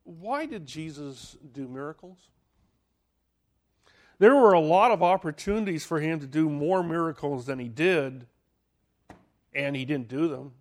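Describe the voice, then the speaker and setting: A man preaching a sermon, dramatic, swinging from loud to hushed and asking the listeners questions. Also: fairly high pitch, lively intonation, a little slow, long pauses.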